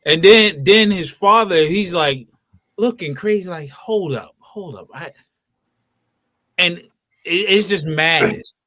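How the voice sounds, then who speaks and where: Excitable rambling man in casual chat. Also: high-pitched, slow, pauses often, no echo. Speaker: panel guest.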